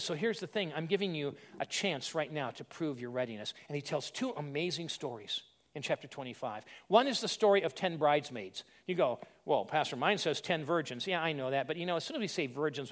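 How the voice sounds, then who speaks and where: High-voiced man preaching conversationally. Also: a bit bright. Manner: plain-spoken, conversational preaching with rhetorical questions. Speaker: pastor. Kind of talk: sermon.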